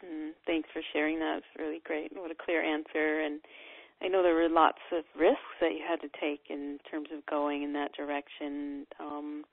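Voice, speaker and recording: A woman radio host asking an interview guest calm, measured questions. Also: deep voice, gravelly, no echo. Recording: tinny phone line, dry.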